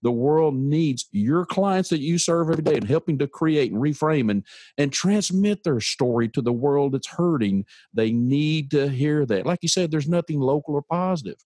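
Male podcast host, lively storyteller who voices the people he quotes, dry sound. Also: on the high side, moderate pace, dry recording. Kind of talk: podcast interview.

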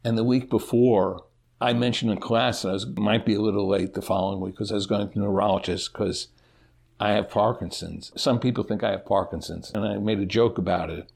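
A middle-aged man, a teacher, answering interview questions about his life in a halting way, often restarting and repeating words. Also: lowish voice, steady tone, creaky, darkish tone, husky.

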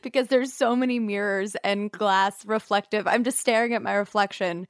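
A woman's voice: mid-range voice, fairly even intonation, moderate pace, clear, resonant tone, no echo, clean studio sound. A woman who is a guest actor on a podcast, talking in casual chat and explaining her thoughts at length.

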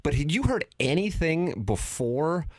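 A man's voice: on the high side, very animated, a little slow, slightly rough, no room sound, clean studio sound. A man hosting a sports talk show, chatting casually with a guest, laughing easily and sometimes stammering as he starts a sentence. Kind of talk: casual sports radio chat.

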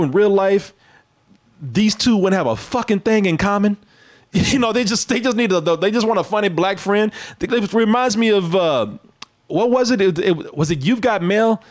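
A man in casual, profane conversation about movies, animated and quick to laugh. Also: sits high. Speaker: podcast co-host. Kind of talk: casual movie-review chat.

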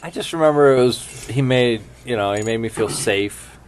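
A man's voice: medium pitch, normal speed, heavy background noise. A man with a Midwestern accent, co-hosting a casual group chat and telling rambling, jokey stories. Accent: American Midwest. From American Midwest. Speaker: podcast co-host.

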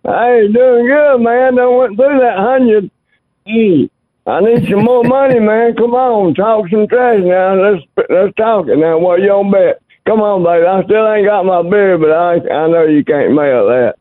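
Brief: rowdy caller, whooping and hollering, high voice over a tinny phone line. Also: male voice, unhurried, no room sound. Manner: loud, boisterous, whooping and hollering. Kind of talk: rowdy trash talk on a call-in radio show.

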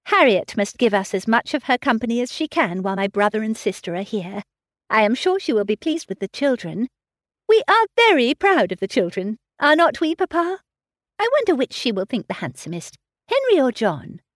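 A woman reading the part of a clever, self-assured young lady who brisk-ly reassures her father. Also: on the high side, very animated, no room sound, studio quality. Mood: reassuring. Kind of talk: audiobook reading of a classic novel.

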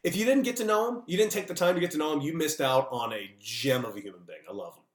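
A man, a former ball player, telling stories casually on a podcast over a remote call and acting out the dialogue with lively energy. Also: on the high side, fast, roomy sound. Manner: animated, jokey, acts out dialogue. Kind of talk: casual storytelling.

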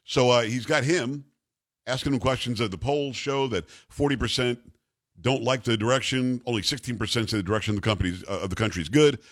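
A man's voice: medium pitch, a little fast. A middle-aged man hosting a talk radio show, chatty and joking, laughing often as he banters with his co-host.

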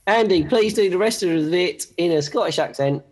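A man with a high voice hosting a casual podcast. He teases and ribs his guest throughout. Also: normal speed, breathy edge. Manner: teasing.

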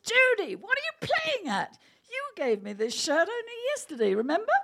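A woman's voice: very high-pitched, huge pitch swings, moderate pace, vocal fry, fairly bright tone, pitched above the performer's own voice, heavily acted. A woman doing a flustered giggly man. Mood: nervous pleading. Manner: laughing through his lines. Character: flustered grown man, protesting.

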